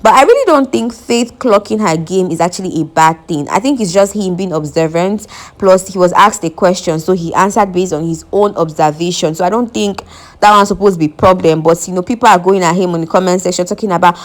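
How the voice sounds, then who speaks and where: A woman's voice: on the low side, brisk. A young Nigerian woman with a Nigerian accent, chatting opinionatedly as an entertainment vlogger who breaks down reality-show gossip and reads out fan comments.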